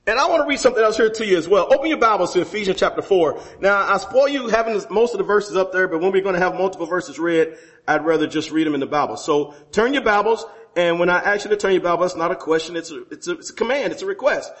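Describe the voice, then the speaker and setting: A high-voiced man preaching to his congregation. He keeps asking them questions and leaps upward for emphasis before sinking back down low. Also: animated, fast, a bit bright. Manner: preacherly, rises sharply for emphasis then drops low; engages the congregation with rhetorical questions. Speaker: pastor. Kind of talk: sermon.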